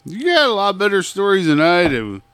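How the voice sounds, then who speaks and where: A man's voice: high-pitched, wildly swooping pitch, fairly quick, heavy background noise. A man in casual chat, laid-back, mostly listening with short replies and laughs.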